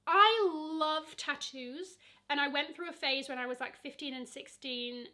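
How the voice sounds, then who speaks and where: Young woman, high voice, chatty, playful asides, casual vlog. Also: unhurried, pushed and bright. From Nigeria. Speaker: luxury vlogger.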